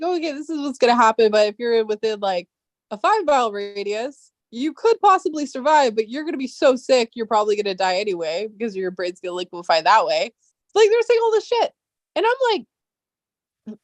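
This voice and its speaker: A woman's voice: medium pitch, no echo. A woman vlogger ranting casually and heatedly, swearing often and rambling with restarts.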